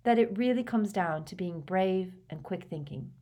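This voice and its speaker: A woman's voice: medium pitch, expressive, moderate pace, dark tone, close to an everyday voice. A woman voicing an earnest, clever teenage schoolgirl in an audiobook reading, with a reproving, earnest manner. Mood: earnest reproof.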